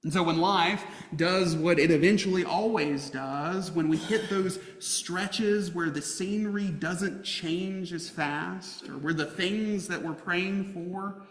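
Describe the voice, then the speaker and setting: Slow, high-voiced preacher man in a reverberant church. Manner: storytelling with humor, lively emphasis. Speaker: pastor. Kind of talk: sermon. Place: church sanctuary. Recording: roomy church hall reverb.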